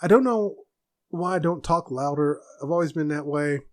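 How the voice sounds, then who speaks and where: A soft-spoken man hosting a casual solo podcast from a room at home, rambling with restarts. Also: a little high, moderate pace. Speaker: podcast host.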